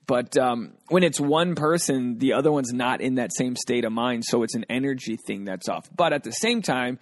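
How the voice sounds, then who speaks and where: A man's voice: mid-range voice, moderate pace, hardly any pauses, dry recording, studio quality. A young adult man hosting a casual solo podcast, joking loosely as he reads out and riffs on listener questions. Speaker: podcast host.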